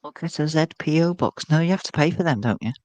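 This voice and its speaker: A British man chatting casually on a livestream, friendly and full of laughs. His voice sits a little higher than most men's and sounds close and dry, with no room behind it. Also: animated, fast talker, a little mellow, dry recording, rough recording. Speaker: livestream host. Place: beach hut.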